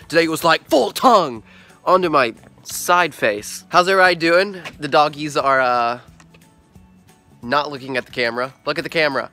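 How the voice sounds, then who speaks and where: A man's voice: on the high side, expressive, normal speed, bright, forceful tone, soft background music. A young man vlogging casually and goofily while recovering from being sick, joking at his own expense. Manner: goofy, playful, self-mocking. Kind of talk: casual vlog.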